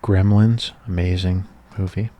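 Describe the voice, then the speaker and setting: Deep-voiced man in soft ASMR chat. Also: flat delivery, measured pace. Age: 30s. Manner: rambling, nostalgic, casual. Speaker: ASMR creator.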